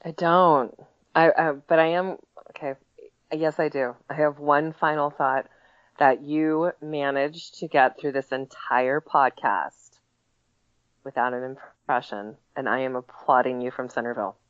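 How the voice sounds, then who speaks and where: A woman's voice: very deep voice, fairly even intonation, a little slow, dry recording. Teasing female podcast co-host, lo-fi. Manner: teasing, laughing, stumbling restarts. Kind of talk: casual sports podcast chat. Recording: dull lo-fi sound.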